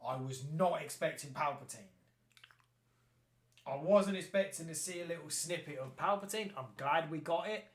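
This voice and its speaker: A man co-hosting a podcast, chatting excitedly, swearing a lot and acting out quotes. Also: a little high, normal speed. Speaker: podcast co-host. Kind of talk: casual chat. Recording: roomy echo.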